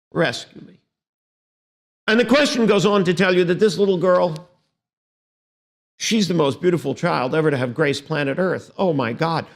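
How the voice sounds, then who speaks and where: A man's voice: a little high, vocal fry. Wry, storytelling law lecturer, a man. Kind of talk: exam prep lecture.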